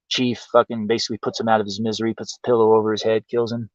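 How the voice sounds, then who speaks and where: Male host, loose profane rambler, slightly high, dull lo-fi sound, dry. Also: no echo, far from the mic. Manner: rambling and profane, many fillers. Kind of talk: casual monologue. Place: home in the countryside.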